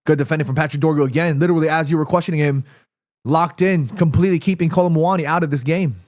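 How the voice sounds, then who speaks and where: A man with a stuffy nose hosting a live football watchalong stream, reacting excitedly to the match and reading viewers' chat messages aloud. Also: fairly high pitch, fast talker, no echo, studio quality.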